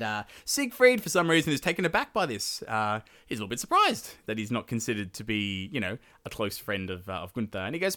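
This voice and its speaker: A man's voice: medium pitch, a bit bright. A man hosting a podcast, retelling a legend in a casual, comedic way with swearing and rambling asides. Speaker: podcast host.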